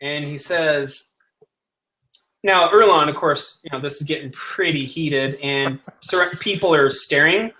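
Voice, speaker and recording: A man's voice: a little high, measured pace, bright, forceful tone, a little hiss or hum, low-quality recording. A man narrating as game master of a tabletop role-playing game, chatty and laughing often.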